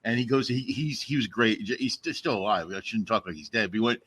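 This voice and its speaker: A man hosting a podcast, telling a quick joke in a halting way with repeated words. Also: fairly low pitch, fairly bright tone, slightly rough. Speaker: podcast host. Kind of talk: casual chat.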